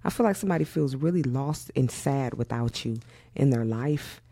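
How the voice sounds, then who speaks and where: A woman's voice: a bass voice, expressive, normal speed, mellow. A woman giving a casual tarot reading, thinking aloud with lots of "yeah"s and some casual swearing. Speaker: tarot reader.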